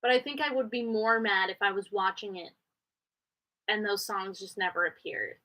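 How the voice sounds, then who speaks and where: Speaking in a bright, forceful voice over poor audio, this Canadian woman runs a live question-and-answer stream from her home studio. She chats casually with viewers, wandering between ideas with quick leaps in pitch.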